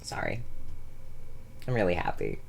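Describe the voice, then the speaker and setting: A sleep-deprived vlogger with a hoarse throat, chatting to camera from a hot room at home in a giddy, scattered, sweary ramble. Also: low voice, wildly swooping pitch, a little slow, a little hiss or hum. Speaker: vlogger hosting a weekly singing stream. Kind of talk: rambling casual chat to camera. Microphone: camera at close range.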